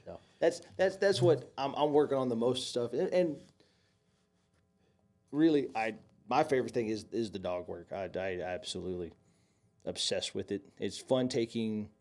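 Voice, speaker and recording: His voice is mid-range and darkish, animated, at a normal speed. As a podcast co-host he tells lively stories in loose chat, rambling and frequently restarting.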